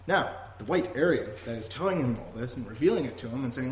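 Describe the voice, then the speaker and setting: A man speaking at a middle pitch in a heated, emphatic podcast rant that is often profane. The room is echoey, with a faint hiss beneath the voice. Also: fast talker, few pauses. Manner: ranting, emphatic, swears often. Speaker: podcast host.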